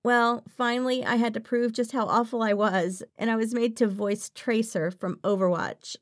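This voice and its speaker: A woman's voice: on the high side, steady tone, moderate pace. A woman voice actress answering interview questions in a frank, playful way, often laughing.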